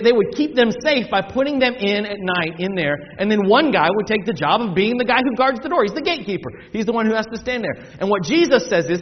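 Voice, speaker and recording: A man preaches in a high voice, slowing down and rising in volume for scripture and then dropping into a casual, repetitive teaching tone. His speech reaches the mic muffled, with a long reverb from the hall around him. It sounds like a sermon from a church sanctuary. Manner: dramatic scripture reading, shifting from loud slow proclamation to soft asides; conversational teaching with repetitions and restarts. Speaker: pastor.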